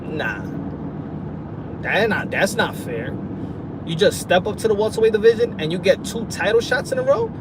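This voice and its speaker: A man's voice: high voice, normal speed. A man from New City, rambling casually to his viewers on a live stream from his car. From New York City. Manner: rambling and animated, talks straight to viewers. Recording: loud car and street noise.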